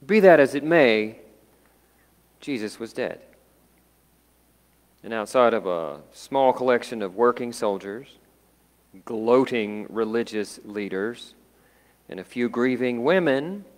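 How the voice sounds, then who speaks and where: Slow, solemn male preacher. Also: medium pitch, lively intonation, in a large hall. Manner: slow, dramatic, dropping to hushed tones. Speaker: pastor. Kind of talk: sermon. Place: church sanctuary.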